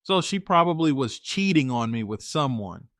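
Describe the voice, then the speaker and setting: A man's voice: medium pitch, sing-song, moderate pace, fairly bright tone, dry recording, studio quality. A man narrating his own story in a casual, conversational way, talking to his listeners directly. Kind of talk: first-person story narration.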